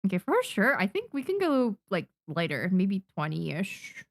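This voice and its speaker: Lively Japanese-native woman streamer. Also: mid-range voice, no echo. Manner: chatty, excitable, quick to laugh. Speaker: manga artist streaming. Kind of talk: casual live-stream chat while drawing.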